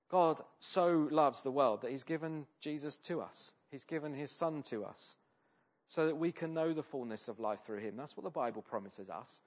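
A man preaching a sermon in an earnest, conversational way, often turning statements into gentle questions to his listeners. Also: on the high side, moderate pace, dull audio. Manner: earnest, conversational, asks rhetorical tag questions.

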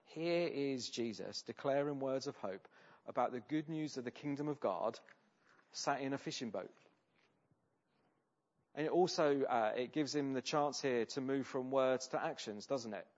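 A man's voice: medium pitch, lo-fi sound. Hesitant conversational preacher man. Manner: conversational, with many hesitations and restarts. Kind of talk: sermon.

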